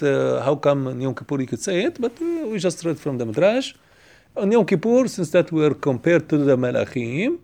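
A man gives a Torah class at a brisk clip. His voice sits a little high and sounds dark and mellow. He rattles off Hebrew sources in a quick chant, then slows down to explain them in English, stumbling over fillers and restarts. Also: vocal fry. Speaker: Torah teacher.

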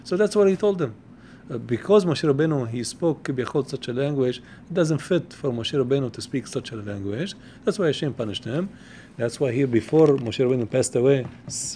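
A man teaching a Torah class who explains verses and commentaries, reeling off quotations quickly and repeating words as he goes. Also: a little high, warm tone, slight background noise.

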